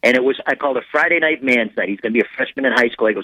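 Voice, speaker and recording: A man's voice: medium pitch, very fast, pushed and bright, no room sound, rough recording. A middle-aged man, a sergeant who is a guest on a radio interview, telling rambling anecdotes with frequent restarts. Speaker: military sergeant and charity founder as a guest.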